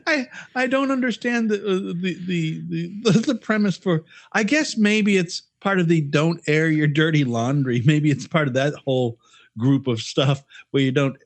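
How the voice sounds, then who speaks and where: A man who is a regular on a podcast, talking in casual comedic chat in a halting, stammering, self-deprecating way. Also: on the high side, no echo.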